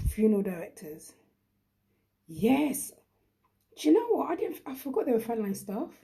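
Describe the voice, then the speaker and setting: A young woman talks straight to her viewers in a live chat, warm and mellow in tone. She is chatty and emphatic, often repeating a point to press it home. Her manner stays encouraging throughout. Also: fairly high pitch, very animated, a little slow, gravelly. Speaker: host.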